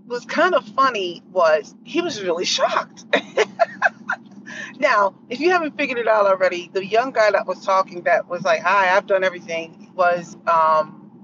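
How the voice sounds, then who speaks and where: A middle-aged woman talks casually to her listeners as a podcast host, animated and quick to act out other people's lines. She sits a little back from a dull-sounding mic. A faint hiss runs underneath. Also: medium pitch. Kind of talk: casual storytelling monologue. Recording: distant muffled mic with faint noise.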